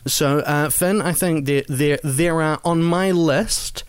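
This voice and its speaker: A man's voice: a little high, takes it slowly, smooth, no room sound. A man co-hosting a casual film-ranking chat, rambling and wry with self-deprecating asides. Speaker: podcast co-host.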